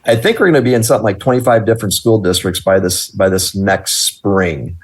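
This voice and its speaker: A man's voice: fairly low pitch, brisk, slightly rough. A middle-aged man from the American Midwest, a business owner telling his story in an interview and acting out the dialogue as he goes. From Wisconsin. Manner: animated, acts out quoted dialogue. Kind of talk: storytelling in conversation.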